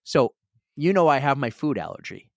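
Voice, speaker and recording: A man's voice: medium pitch, moderate pace, creaky, no echo. Chatty man telling a story, dry sound. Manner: animated storyteller, repeats phrases. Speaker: podcast co-host. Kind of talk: casual chat.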